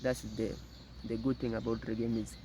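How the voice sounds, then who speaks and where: A man from Kenya hosting a reaction video, talking in an unhurried way and often repeating words. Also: on the low side, flat delivery, background noise. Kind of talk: casual commentary.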